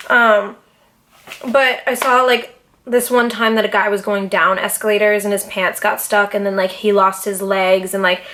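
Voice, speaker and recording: A young woman talking straight to her camera in a casual sit-down vlog, animated, dramatic and full of swearing. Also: mid-range voice. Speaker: YouTuber. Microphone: camera mic, seated in front of camera.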